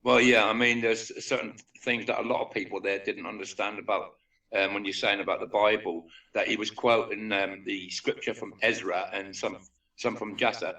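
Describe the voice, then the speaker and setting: Man guest, measured and reflective, crisp bright tone, off-mic. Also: on the low side, steady tone. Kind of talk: casual chat. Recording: voice distant from the mic.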